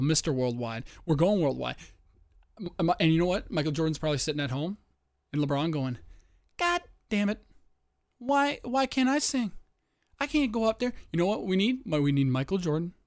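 A young man rambles through his solo podcast in a small room, swearing freely and breaking off to react to a game on TV. He sounds a little out of breath, and his voice sits at an ordinary middle pitch. The recording is dry and close, with almost no room sound. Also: no echo. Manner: rambling, profane, excitable, distracted by a game on TV. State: out of breath and sweating. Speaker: podcast host. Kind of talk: casual solo podcast chat.

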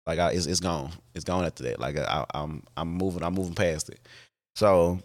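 Guy with a really low voice doing a solo podcast, halting, lots of likes and restarts, swears a bit. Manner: halting and candid, many fillers and restarts, swears freely. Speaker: podcast host. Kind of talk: casual podcast monologue.

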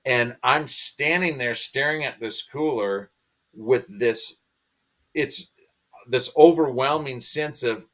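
A man in his fifties, a pastor and comedian, telling a story as a podcast guest in an animated way, often restarting and repeating words. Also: medium pitch, takes it slowly. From United States. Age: 50s. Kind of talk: conversational storytelling.

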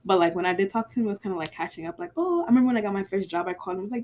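A woman's voice: mid-range voice, racing, slight background noise. A woman co-hosting a faith podcast in casual chat, telling stories animatedly with many "like"s. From abroad, moved to the US. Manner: animated storyteller, frequent "like". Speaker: podcast co-host.

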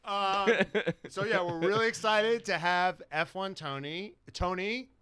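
A man co-hosting a podcast in casual chat, excitable, laughing often and swearing freely. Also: high voice, measured pace, clean tone. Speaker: podcast co-host.

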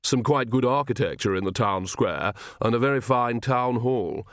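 A man voicing a smooth, polite young male vampire nobleman. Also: medium pitch, lively intonation, normal speed, a bit bright, no echo, clean studio sound.

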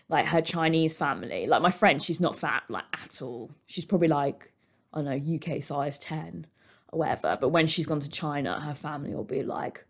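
A British woman talks through a solo podcast episode in a loose, rambling way. Her voice sits slightly low, and she fills her sentences with ums and likes as she chats into a desk microphone. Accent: British English. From Britain. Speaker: podcast host. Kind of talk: casual solo podcast chat.

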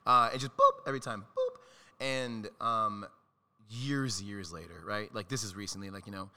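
A man in his thirties from Wisconsin, a stand-up comedian telling animated stories in a casual podcast chat. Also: lowish voice, moderate pace. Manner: animated storytelling, swearing, acting out friends.

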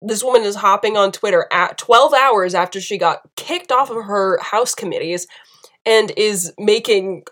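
A woman's voice: mid-range voice, unhurried, fairly bright tone. A woman from the United States delivering a passionate political opinion monologue, emphatic and piling up repeated phrases. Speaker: political commentator.

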